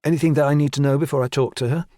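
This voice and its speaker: A man voicing a brisk woman detective chief inspector in an audiobook, asking clipped, direct questions. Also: fairly high pitch, steady tone, warm tone, no echo, clean studio sound, voice pushed up, lightly acted.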